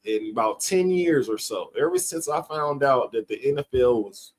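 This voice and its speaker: A man's voice: mid-range voice, animated, normal speed. A middle-aged man hosting a live stream, talking casually in a rambling way, often chuckling and calling out viewers' names from the chat.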